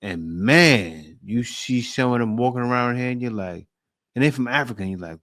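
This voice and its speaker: A man's voice: mid-range voice, animated, normal speed, a bit bright, no echo, clean studio sound. A man co-hosting a casual chat, laid-back and agreeable, who also signs off the channel's video. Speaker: co-host and channel owner.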